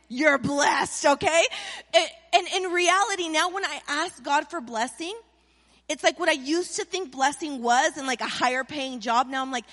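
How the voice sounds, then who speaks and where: Woman, middle-aged, pastor, sermon, high voice, call-and-response delivery, church hall echo. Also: moderate pace. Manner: animated preaching with call-and-response. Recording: long reverb of a church hall.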